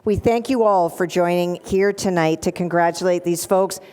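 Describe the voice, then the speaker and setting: A woman acting as master of ceremonies, making brisk, friendly closing announcements. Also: on the low side, dark tone, clear, resonant tone. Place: banquet hall.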